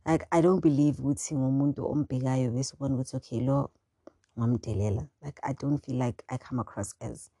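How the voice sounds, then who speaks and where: A young South African woman hosting her own show, talking in an animated, indignant monologue. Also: rumbling low, fairly quick, slightly rough, dry recording. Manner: animated and indignant, mixing English with local words. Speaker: podcast host. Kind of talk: casual monologue.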